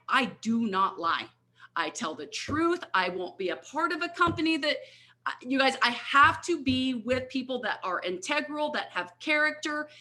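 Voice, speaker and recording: A woman's voice: a little high, bright, forceful tone. A middle-aged woman giving an earnest motivational testimony on a coaching call, speaking emphatically and checking in with her listeners often. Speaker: network marketing leader sharing her story. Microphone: video call.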